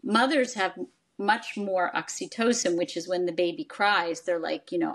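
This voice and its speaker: An older woman, a psychoanalyst appearing as a guest, talks in an expert conversation with a fairly low, steady voice at a moderate pace. She explains ideas and acts out the words of parents she quotes.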